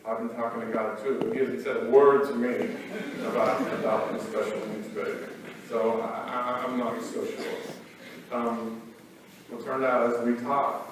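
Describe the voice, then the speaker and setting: A middle-aged man telling an emotional personal story to a crowd of students, earnest and sometimes choked up, with many ums and restarts. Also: medium pitch. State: choked up at times. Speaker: guest speaker. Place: large school hall. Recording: very echoey hall, distant mic, faint noise.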